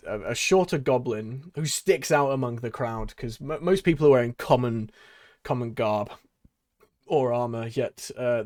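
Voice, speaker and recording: A man narrating as game master of a tabletop role-play, talking slowly with many fillers and pauses. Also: medium pitch, a little mellow, no echo, clean studio sound.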